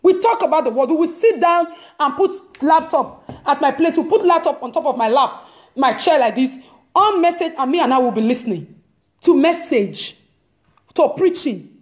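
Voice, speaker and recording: A woman's voice: high-pitched, expressive, normal speed. A woman, a preacher telling an emphatic, repetitive testimony on a live stream. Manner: emphatic, repeats words, storytelling. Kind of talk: casual testimony talk. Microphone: live stream device mic.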